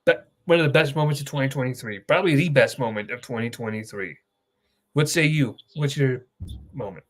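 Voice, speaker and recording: A young man hosting a casual wrestling chat, an excitable storyteller who swears freely. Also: mid-range voice, fairly quick. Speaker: podcast host.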